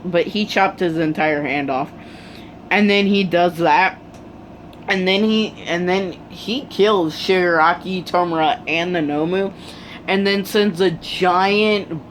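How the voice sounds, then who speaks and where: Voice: mid-range voice, a little hiss or hum. A speaker casually retelling a fan story, rambling with many fillers.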